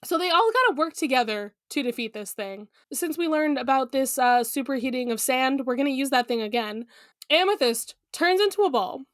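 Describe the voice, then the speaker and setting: A woman's voice: high voice, expressive, normal speed, no echo, clean studio sound. A woman co-hosting a podcast episode recap in casual, giggly chat full of fillers. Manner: chatty, giggly, lots of fillers. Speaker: podcast co-host.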